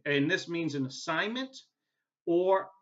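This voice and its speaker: Male instructor with a New England accent, somewhat high and bright voice, chatty and informal, dull lo-fi recording. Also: expressive, takes it slowly. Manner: casual and chatty, tags points with "right?", many "uh" fillers. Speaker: college instructor. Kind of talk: recorded course welcome video.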